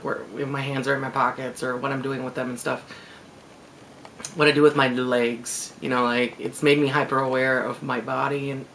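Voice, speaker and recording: A man with a gravelly, fry-laden voice, speaking at an ordinary middle pitch. He talks candidly in a relaxed video-blog monologue, full of fillers and easy laughter. A faint hiss sits under the recording. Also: poor audio. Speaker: video blogger. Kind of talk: casual reflective monologue.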